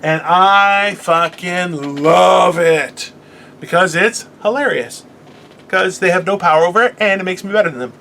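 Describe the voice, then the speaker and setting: A man's voice: high-pitched, a little slow, creaky, sharp tone, a little hiss or hum. A man co-hosting a podcast in casual comedic chat, profane, boastful and self-mocking. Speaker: podcast co-host.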